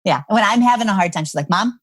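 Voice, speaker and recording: A woman's voice: mid-range voice, rapid-fire, dry recording. A woman guest, a parenting expert, telling stories in a podcast interview and acting out the voices in her quotes. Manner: animated storyteller who acts out quotes.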